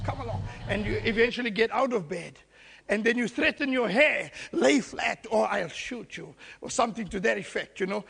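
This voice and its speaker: A man's voice: extremely high pitch, vocal fry, a bit bright. A man preaching a sermon as pastor, repeating words and restarting as he questions his congregation, recorded in a church hall. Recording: echoey hall.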